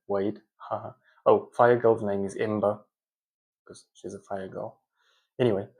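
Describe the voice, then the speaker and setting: A parent speaks in a casual, rambling monologue, his voice lowish and slightly mellow. He keeps a conversational tone and frequently corrects himself mid-sentence.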